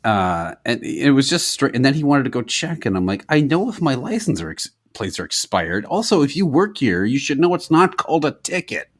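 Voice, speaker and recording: Animated swearing man telling a story. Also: medium pitch, fairly quick, few pauses. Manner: animated, swearing, acts out quotes loudly. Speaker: podcast co-host. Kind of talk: casual chat, storytelling.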